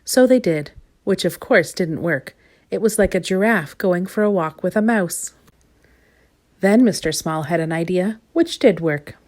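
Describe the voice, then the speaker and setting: Low-voiced woman reading a storybook. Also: measured pace. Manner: gentle, expressive, lingering on repeated words.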